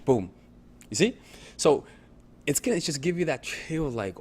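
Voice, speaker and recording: A man's voice: medium pitch, expressive, moderate pace, a little mellow, a little hiss or hum. A man coaching on dating in a casual, conversational talk, often checking in with his listener and swearing freely. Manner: conversational, repetitive check-ins, profane.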